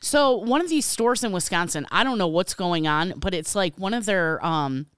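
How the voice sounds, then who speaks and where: A woman's voice: on the low side, normal speed, clean tone, dry recording, studio quality. A woman with an Illinois accent, co-hosting a podcast in casual, profane chat and acting out the people she talks about. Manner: animated, swears freely, acts out voices. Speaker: podcast co-host.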